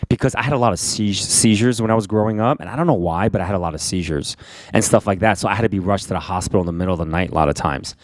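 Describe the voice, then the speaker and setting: A man in his forties, born in Korea, co-hosting a podcast and telling a lively personal story with laughter. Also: sits low, rapid-fire, dry recording, studio quality. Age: 40s. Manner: animated, laughing, acts out voices. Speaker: podcast co-host. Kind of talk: casual storytelling chat.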